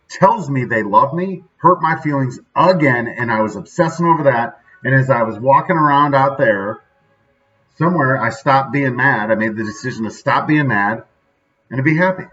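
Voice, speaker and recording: A man's voice: medium pitch, fairly bright tone, lo-fi sound. A man hosting a podcast, telling a personal story in a rambling casual monologue full of asides. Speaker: podcast host.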